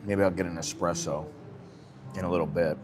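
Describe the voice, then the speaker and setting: Chatty low-voiced American man. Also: steady tone, fairly quick, noisy background. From United States. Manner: chatty, rambling, acts out dialogue. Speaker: vlogger. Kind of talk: casual live-stream storytelling. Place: Thailand, drinking coffee. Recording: music clearly behind voice.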